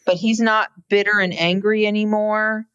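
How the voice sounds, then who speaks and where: A woman's voice: medium pitch, fairly even intonation, moderate pace, fairly bright tone, clean tone, dry recording, lo-fi sound. A woman co-hosting a podcast, recapping a reality show in casual chat with a wry, sardonic manner. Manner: wry, sardonic, narrates scenes. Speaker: podcast co-host.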